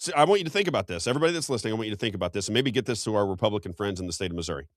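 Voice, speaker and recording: A man's voice: on the low side, animated, very fast, no room sound, clean studio sound. A man hosting a political talk show, talking in a heated way with frequent stumbles and restarts. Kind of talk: political commentary.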